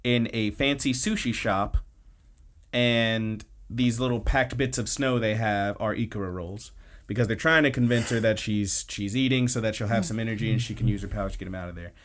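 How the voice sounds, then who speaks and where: A man's voice: lowish voice, fairly quick, fairly bright tone, a little hiss or hum. A man co-hosting a podcast, casually recapping anime episodes in a rambling storytelling way with lots of fillers. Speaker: podcast co-host.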